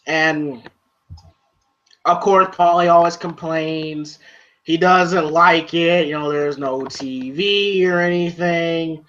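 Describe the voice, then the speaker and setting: A man with a fairly high, bright voice rambles through a movie recap, stopping often on filler words. The recording is dull and lo-fi. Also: fairly even intonation, slow. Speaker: movie reviewer. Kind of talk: casual podcast chat. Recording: dull lo-fi sound.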